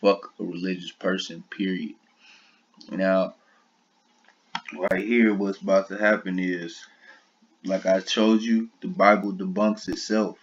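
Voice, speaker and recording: A man's voice: low-pitched, fairly even intonation, unhurried, pauses often, lo-fi sound, slight background noise. A man giving blunt, combative reaction commentary, swearing heavily as he talks. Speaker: online commentator.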